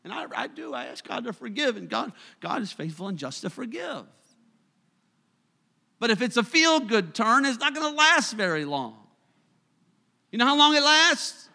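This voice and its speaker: A middle-aged male pastor preaching a sermon in a church, swinging from loud declarations to hushed asides. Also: very high-pitched, big pitch swings, moderate pace, gravelly, long pauses. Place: church sanctuary. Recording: live church recording with long hall reverb.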